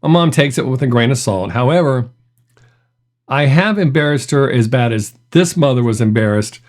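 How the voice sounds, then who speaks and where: A man's voice: mid-range voice, animated, normal speed, darkish tone. A middle-aged man hosting a reaction video, telling stories in a chatty way and laughing often. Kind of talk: casual reaction commentary.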